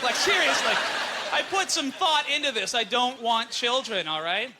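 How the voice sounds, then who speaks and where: A man's voice: very high voice, big pitch swings, a little fast, heavy background noise. A man in his thirties doing a stand-up comedy set on a club stage, talking animatedly and acting out other people's voices. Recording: live club recording, loud audience laughter.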